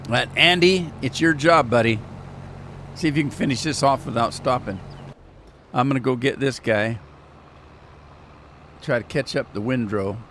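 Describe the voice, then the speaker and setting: A man's voice: mid-range voice, moderate pace, pauses often, fairly bright tone, a little hiss or hum. A man casually chatting through a gaming live stream, rambling, telling stories and laughing at his own jokes.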